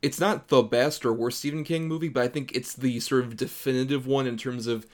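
A man's voice: mid-range voice, steady tone. A man co-hosting a casual film podcast, talking at length and laughing often. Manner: talkative, quick restarts, laughs often. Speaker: podcast co-host.

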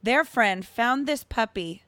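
A woman co-hosting a comedy podcast, chatting casually with blunt, profane, deadpan asides. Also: fairly high pitch, slow, no room sound. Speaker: podcast co-host. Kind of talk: casual chat.

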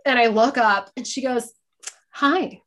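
A young woman telling a story in casual chat, animated, full of "like", often laughing and acting out what people said. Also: mid-range voice, brisk. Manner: animated, acts out quotes, laughs often, says "like" a lot.

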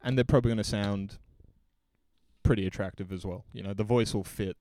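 A man's voice: lowish voice, fairly quick, dry recording. An Australian man co-hosting a podcast in casual chat, ranting and often breaking off to restart a thought. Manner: animated ranting, self-interrupting. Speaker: podcast co-host.

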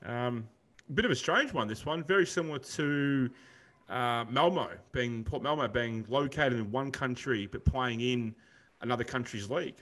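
A man's voice: mid-range voice, fairly bright tone. Laid-back Australian man, podcast co-host. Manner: laid-back, rambling, says mate often. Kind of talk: casual chat.

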